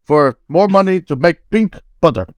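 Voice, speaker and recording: A man's voice: fairly high pitch, animated, normal speed, a little mellow, no echo, lightly acted. A man doing a comic impression of an older male politician giving a rousing stump speech to a crowd. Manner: declaiming, rally-speech cadence. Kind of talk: comic impression in podcast chat.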